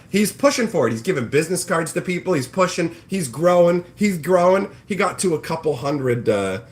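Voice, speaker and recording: A man ranting on a casual livestream, sarcastic and profane, mocking people in put-on voices. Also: a little high. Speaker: livestream host. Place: home kitchen, cooking bacon.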